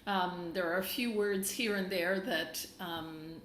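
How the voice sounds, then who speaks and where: A Canadian woman speaks as a stage director, explaining her process at length. She pauses often and circles back as she talks. The recording rings with a roomy echo. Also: on the low side, a bit bright, slight background noise. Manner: thoughtful, explains at length with many fillers. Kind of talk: interview answers. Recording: echoey room.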